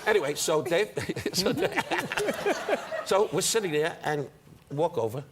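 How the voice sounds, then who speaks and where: Brash older comedian guest, lively pitch. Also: male voice, a little slow. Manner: brash insult-comic teasing. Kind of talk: talk-show banter. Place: TV studio with live audience. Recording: studio audience and room noise.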